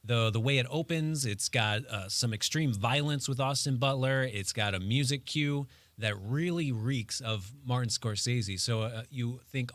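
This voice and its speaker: A man's voice: mid-range voice, a little slow, a bit bright, no echo. A young man, a radio show producer, reviewing a movie in a casual, joking, wry way. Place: radio studio.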